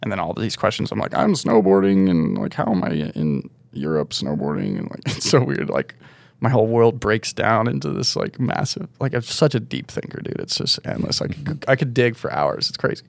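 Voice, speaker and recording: A young man with a gravelly voice tells a story in a casual podcast chat. He rambles loosely, leaning on "like" and "dude". His sound is dry and close to the mic. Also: mid-range voice, very animated, brisk, no echo. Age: young adult. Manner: rambling, laid-back, filler-heavy with "like" and "dude". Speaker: guest snowboarder.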